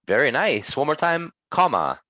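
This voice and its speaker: A man teaching English pronunciation in an online class, drilling words slowly and patiently. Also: a little high, very animated, sharp tone, no echo, muffled recording.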